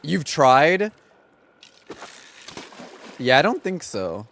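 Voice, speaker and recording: A young man streaming a game, chatting casually in an excitable, dramatic and sarcastic way. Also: fairly high pitch, very slow, creaky. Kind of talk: casual gaming livestream chat.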